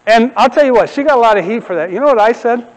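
A middle-aged man preaches in a church sanctuary, telling stories with humor and animated asides. His voice sits high, and long reverb from the hall trails his words. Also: rapid-fire, dull audio. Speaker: pastor. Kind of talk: sermon.

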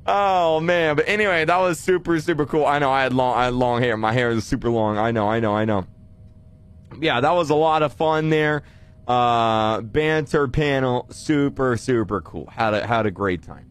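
A man streamer recapping an event in a rambling, excitable way, with bursts of shouting. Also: mid-range voice, normal speed.

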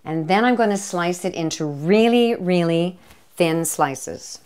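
A woman's voice: lowish voice, expressive, a little slow, darkish tone, smooth. A woman hosting a comic cooking demonstration, talking to camera in a playful, chatty way with jokey asides and little cheers. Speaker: cooking show host, home economist.

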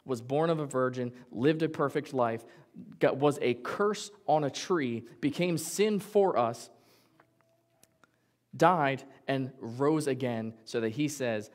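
A man preaching a sermon from the pulpit in a mid-pitched voice. He keeps it conversational and jokey and often acts out little quotes as he goes. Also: slow pace. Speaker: pastor. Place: church sanctuary.

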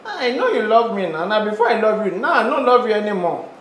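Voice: medium pitch, big pitch swings, fast, distant mic. A performer with a Nigerian Pidgin accent playing a lover mockingly rejecting his girlfriend. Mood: scornful. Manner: teasing, laughing mockery. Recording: echoey room with loud hiss.

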